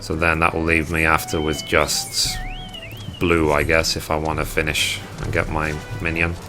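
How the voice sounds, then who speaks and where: A man with a very low voice talks through a game walkthrough, thinking aloud in a casual way and reading out quest text. Faint game music plays behind his voice. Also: completely flat delivery, normal speed. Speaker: gaming guide creator.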